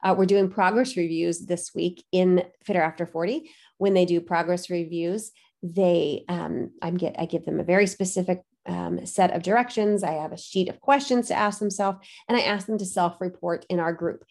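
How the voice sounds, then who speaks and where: A woman's voice: on the low side, fairly even intonation, moderate pace, creaky, a little mellow. A woman in her forties, a fitness coach, talking earnestly and posing rhetorical questions to her listeners. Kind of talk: podcast-style coaching talk.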